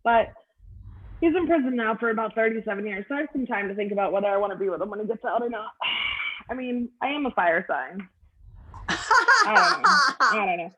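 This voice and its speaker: A woman's voice: mid-range voice, fast. A middle-aged woman doing a stand-up comedy set over a video call, with a crude, offhand delivery. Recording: tinny phone-like video call audio.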